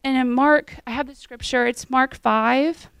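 A woman's voice: high-pitched, fairly even intonation, a little slow, gravelly, a bit bright, smooth, dry recording. A woman preaching a sermon, retelling a Bible story in plain, earnest words.

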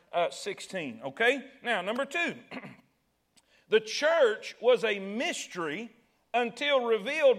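A man preaching a sermon in a folksy, conversational way, repeating words and acting out scenes with excitement. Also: very high voice.

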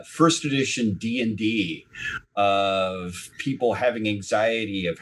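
A man's voice: on the low side, a bit bright, low-quality recording. An older man on a discussion panel, reflective and reassuring as he recalls the early days of the hobby.

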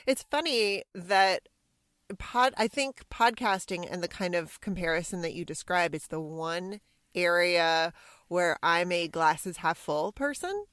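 Woman podcast cohost, playful, kinda thinking out loud, dry close sound. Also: fairly low pitch, a little slow, smooth, no echo. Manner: playful, thinks aloud with restarts. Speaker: podcast co-host. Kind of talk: casual chat.

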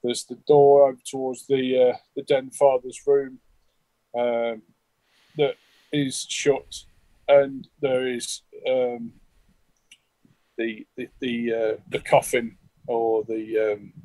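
A man's voice: medium pitch, mellow, dry recording, low-quality recording. Guy running a tabletop game, lots of uhs, dry close sound. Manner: hesitant, many fillers and restarts. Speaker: game master.

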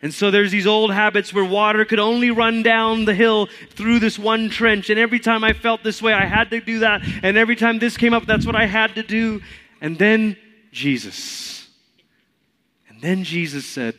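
A man preaching a sermon as pastor, swinging from loud and emphatic to hushed. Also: high-pitched, fairly even intonation, moderate pace.

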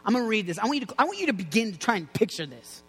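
A man preaching an excitable, joking sermon, like a youth pastor, full of playful asides. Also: high-pitched, racing, slightly rough, big-room sound. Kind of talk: lively sermon.

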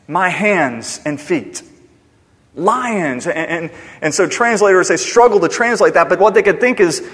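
Impassioned male preacher in a reverberant hall. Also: sits high. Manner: impassioned preaching, swings from loud emphasis to hushed. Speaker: pastor. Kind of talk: sermon.

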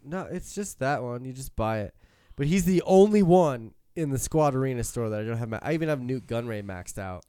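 A man hosting a casual chat while playing a mobile game, rambling, swearing casually and quick to laugh. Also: mid-range voice, animated, warm tone, clean tone, no echo, clean studio sound. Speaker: host.

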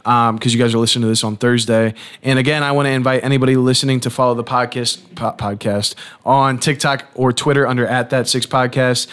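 A young man hosting a casual sports podcast from a booth, relaxed and rattling through a long list in a steady patter. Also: mid-range voice, fast, few pauses, smooth. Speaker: podcast host.

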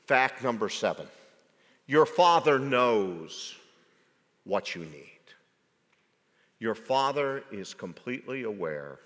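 Slow-preaching man in a reverberant hall. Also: on the low side, fairly bright tone. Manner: measured delivery, rising to emphatic rhetorical questions. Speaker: pastor. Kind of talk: sermon.

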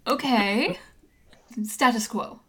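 A woman's voice: a little high, lively intonation, takes it slowly, sharp tone, slight background noise. Casual woman game master. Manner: casual, rambling, filler-heavy. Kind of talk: narrating a tabletop game.

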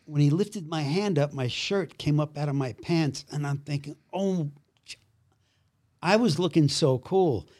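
A man from Brooklyn, a podcast guest telling a story in a lively way and acting out the other people's voices. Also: fairly high pitch, a little slow, no room sound. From Brooklyn, New York. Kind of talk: storytelling conversation.

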